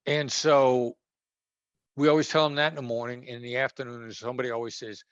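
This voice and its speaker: A man being interviewed as a former hostage negotiator, talking conversationally and acting out tones of voice that move between gentle and sharp. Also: medium pitch, flat delivery, fairly quick, dry recording, lo-fi sound.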